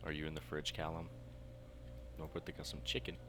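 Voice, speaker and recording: A man's voice: a bass voice, level tone, brisk, background noise. A man hosting a gameplay video, making wry, sarcastic asides and reading in-game notes aloud. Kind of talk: casual gameplay commentary.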